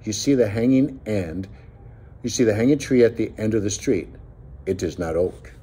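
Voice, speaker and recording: A man's voice: on the low side, expressive, moderate pace, dark tone, husky. A man reading an audiobook who voices a proud, graceful bandit leader with a grand, stagey delivery. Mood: soft, calm. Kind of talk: audiobook character voice.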